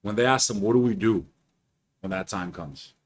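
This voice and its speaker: Low-pitched guy on a stream, earnest, kinda preachy, warns a lot. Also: normal speed, a little hiss or hum. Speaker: podcast co-host. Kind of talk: casual chat.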